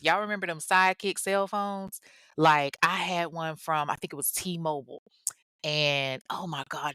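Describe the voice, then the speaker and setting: A woman's voice: deep voice, bright, forceful tone, clear, resonant tone, no echo, clean studio sound. A woman hosting a true crime show, retelling a case in a conversational way full of asides. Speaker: host.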